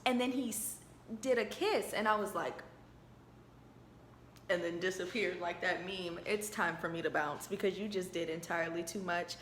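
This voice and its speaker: A woman vlogging from her apartment, telling a lively story to her viewers and calling them y'all, close to the camera. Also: lowish voice, normal speed, roomy sound, slight background noise. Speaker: lifestyle vlogger. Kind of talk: chatty story-time vlog. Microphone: camera held close to face.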